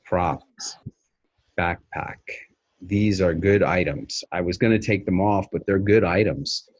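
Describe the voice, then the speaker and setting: A man coaching someone through a pitch in a live webinar, brisk and demonstrative in a salesy way. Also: fairly even intonation, no echo, muffled recording.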